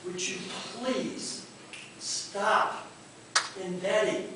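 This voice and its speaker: A man's voice: sits high, steady tone, very slow, background noise. Upset older man pleading in a hall. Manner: emotional, pleading, apologetic. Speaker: constituent at a town hall. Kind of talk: impassioned public question. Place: library meeting room. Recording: echoey room taped from far off.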